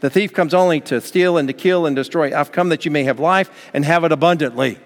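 A man's voice: on the high side, a little fast. A man preaching a sermon as pastor, from the United States, building to fervent emphasis. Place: church sanctuary. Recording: long hall reverb.

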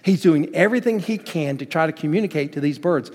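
A man's voice: on the high side, animated, quick pace, hardly any pauses, a little mellow, in a large hall. A man preaching a sermon as pastor, telling stories with emphasis and acting out the quotes he cites.

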